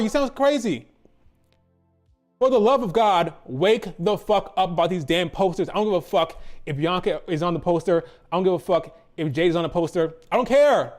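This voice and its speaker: A man hosting a wrestling commentary channel, ranting in an exasperated, profane, repetitive way. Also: sits high.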